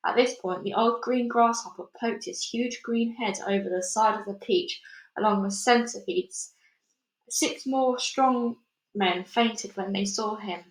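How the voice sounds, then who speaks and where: Woman reader, bright higher voice, echoey room, reads with the odd stumble. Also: a little slow. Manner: steady reading with small slips and restarts. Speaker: storybook reader. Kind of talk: chapter read-aloud.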